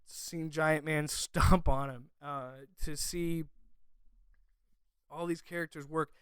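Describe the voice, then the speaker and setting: A young man hosting a podcast, gushing emotionally about a movie with many excited restarts. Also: a little high, slow, clear, resonant tone, dry recording. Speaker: podcast host.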